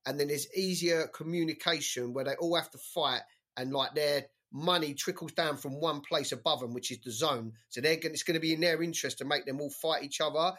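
High-ish voice guy cohosting, animated, opinionated, casual chat. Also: fairly quick, few pauses. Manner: animated, opinionated, laughs often. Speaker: podcast co-host.

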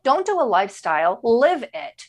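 A woman with a slightly raised pitch talks as a nutrition coach on a podcast. She is enthusiastic and emphatic, driving her key phrases home by repeating them. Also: very animated, moderate pace. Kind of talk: podcast interview.

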